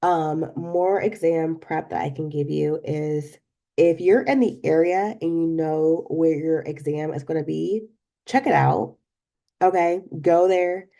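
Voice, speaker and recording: A young woman hosting a podcast, telling an animated story and giving casual advice straight to her listeners. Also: low-pitched, unhurried, gravelly. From not from Florida. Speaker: podcast host.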